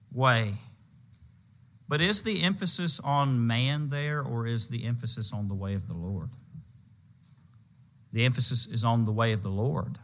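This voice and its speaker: A man preaching a sermon, emphatic, slowing down and drawing out key words to stress a point. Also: mid-range voice, bright, forceful tone.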